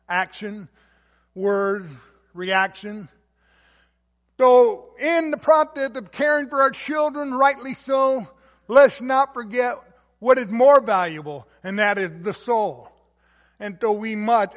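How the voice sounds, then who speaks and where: High-voiced preaching man in an echoing hall. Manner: earnest preaching with fillers and restarts, varying loudness. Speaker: pastor. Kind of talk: sermon. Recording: long echo of a large hall.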